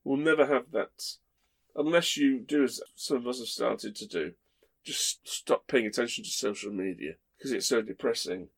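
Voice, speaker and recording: Male podcast host, gravelly texture, meandering and wry. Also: mid-range voice, normal speed. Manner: rambling, fond storytelling with playful asides. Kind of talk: casual chat.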